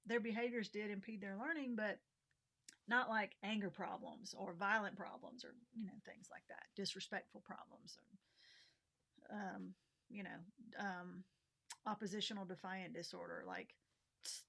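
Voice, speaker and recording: A woman's voice: medium pitch, creaky, a bit bright. Frank, venting middle-aged woman vlogger. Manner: frank and venting, with swearing, fillers and laughs. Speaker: vlogger and teacher. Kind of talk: candid personal vlog.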